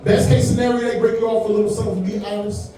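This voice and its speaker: A man in his forties doing stand-up, his voice high but mellow. He talks in a laid-back, chatty way and keeps dropping "man" and "you know what I'm saying". The sound is echoey and comes from far off in a club. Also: level tone, racing. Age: 40s. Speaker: stand-up comedian. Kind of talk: stand-up comedy set. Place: comedy club stage.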